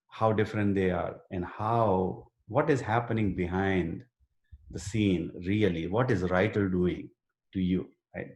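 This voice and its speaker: A man's voice: lowish voice, darkish tone, echoey room. A man teaching a live online writing workshop and answering student questions earnestly, with many fillers and restarts. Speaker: writing instructor. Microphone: video call.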